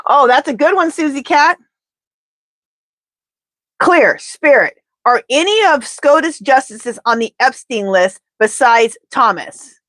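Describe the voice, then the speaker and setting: A woman's voice: high-pitched, expressive, takes it slowly, a bit bright, no echo. A woman tarot reader in casual live-stream chat, rambling and talking straight to her viewers.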